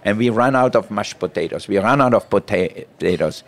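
Low-voiced man, story-driven chef. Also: brisk. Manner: animated storyteller who acts out quoted lines. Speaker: chef and guest. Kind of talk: storytelling interview.

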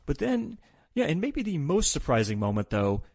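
A male podcast host talks through a recap in a casual, joking way. His pitch swings a lot, and he often slips into voices when he quotes people. The recording is dry and close. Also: huge pitch swings, moderate pace, vocal fry, darkish tone, no echo.

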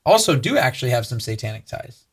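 A fast-talking man with a medium-pitched, husky, sing-song voice co-hosts a Christian talk show. He earnestly preaches and recounts a personal story, giving preaching commentary.

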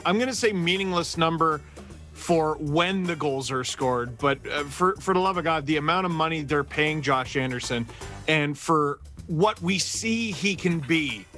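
A man on a sports panel with a bright, forceful, slightly high voice, trading self-mocking jokes in casual banter. Faint music runs underneath.

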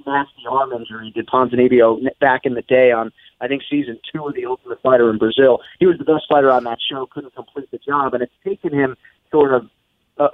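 A man, a guest announcer, calling in to chat and explaining things in a measured way. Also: medium pitch. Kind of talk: casual chat by phone. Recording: tinny dry phone line.

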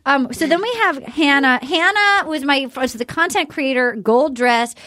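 A woman hosting a casual chat, animated and chatty, recapping a reality show. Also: high-pitched, normal speed. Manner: animated and chatty, jumps between thoughts. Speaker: podcast host.

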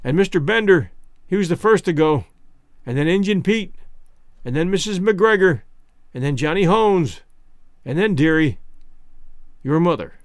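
A gaunt, dying frontiersman in a storybook, tender and worn, drawling in a rough backcountry way, as a narrator puts him on. The voice sits high and swings about a lot, recorded dry and close. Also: lively intonation, a little slow, pauses often, no room sound. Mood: grim. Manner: rustic dialect, tired.

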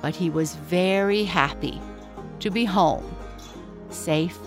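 A woman reading a children's story aloud in a gentle, expressive storytelling manner. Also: lowish voice, slow, over music. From Prince Edward Island, Canada.

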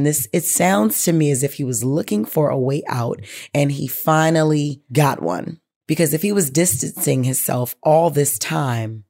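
This host reads out listener letters and then answers them bluntly, swearing often and leaning hard on the key points. The voice sits at an ordinary middle pitch. The host speaks to the listener directly, calling her baby girl. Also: creaky, a little mellow. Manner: blunt, profane, emphatic. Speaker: advice show host. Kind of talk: reading a listener letter and giving advice.

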